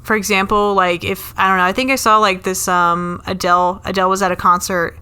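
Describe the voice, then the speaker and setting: A woman chatting on a comedy podcast, telling loose, meandering stories. Her voice sounds bright and sharp, with a smooth, clear tone. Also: mid-range voice, fairly even intonation, a little fast. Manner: rambling storytelling, lots of "like", acts out quotes. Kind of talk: casual chat.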